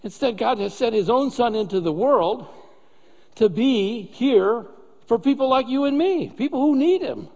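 A male pastor with a high voice delivers a sermon in a relaxed, conversational way and keeps asking rhetorical questions. His voice carries a long reverb that rings through a large hall. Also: measured pace, gravelly, highs cut off.

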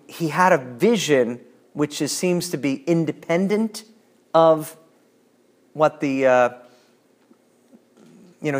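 A man teaches a Bible study class in a thoughtful, searching way. His voice sits a little higher than most men's. He pauses often to restart a thought. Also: a little mellow. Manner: thoughtful, reads scripture aloud, frequent restarts.

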